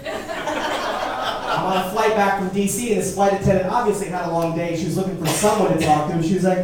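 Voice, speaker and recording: A man's voice: high-pitched, a little fast, far from the mic. A man in his thirties doing a punchy stand-up set at a comedy club, asking the crowd questions. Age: 30s. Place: comedy club stage before a laughing crowd. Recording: echoey club recording from afar, loud noise.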